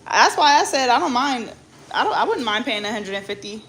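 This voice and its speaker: A woman's voice: fairly high pitch, expressive, a little fast, a little hiss or hum. A young woman, chatting casually as a vlogger in a loose, slangy, joking way. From Bay Area, California. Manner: loose, slangy and joking, with bursts of loud scolding. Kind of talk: casual chat.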